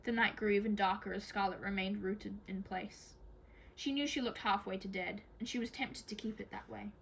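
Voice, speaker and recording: A woman reading a novel aloud as an amateur audiobook reader, in a steady, plain storytelling manner. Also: medium pitch, normal speed, gravelly, slight background noise, low-quality recording.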